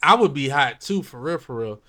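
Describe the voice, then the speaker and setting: A man in casual chat, reacting and working through numbers out loud. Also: mid-range voice, animated, moderate pace.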